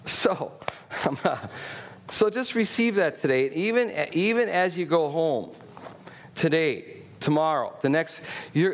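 A middle-aged man preaches with a slightly high voice. He tells stories and urges his listeners on in an animated, exhorting manner. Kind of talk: sermon.

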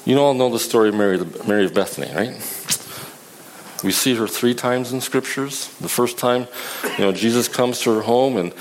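A man preaching a sermon in a conversational, halting way, often restarting his sentences. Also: mid-range voice, a little hiss or hum, rough recording.

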